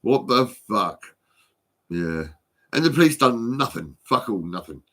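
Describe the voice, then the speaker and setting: Man, phone vlog rant; repetitive, profane, agitated; bright, slightly husky tone. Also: medium pitch, sing-song, unhurried. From United Kingdom. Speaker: vlogger. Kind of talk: rambling angry monologue.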